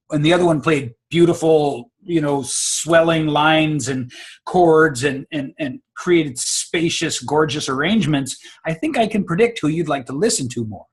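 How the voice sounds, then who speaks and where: A man from the United States talks as a guest on an interview, laying out ideas like a teacher at the front of a class. He is expressive and laughs easily. His voice is husky and sits a little high for a man. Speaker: guest speaking coach. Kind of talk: conversational interview, explaining.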